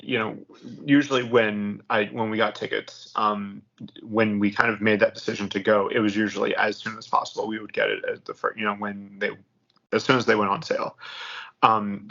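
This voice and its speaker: A podcast guest in relaxed conversation. This man's voice sits low and gravelly, with a bright edge, and the recording sounds dull and lo-fi. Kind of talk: casual chat.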